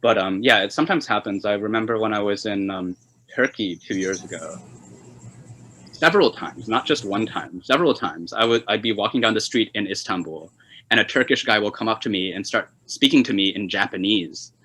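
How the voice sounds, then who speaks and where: A young man from China talks through an interview in a casual, hesitant way, dropping fillers and laughing at his own stories. His voice sits fairly low and comes across bright and forceful. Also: brisk, a little hiss or hum, low-quality recording. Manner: relaxed, hesitant, many fillers, laughs while telling stories. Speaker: interview guest, polyglot journalist.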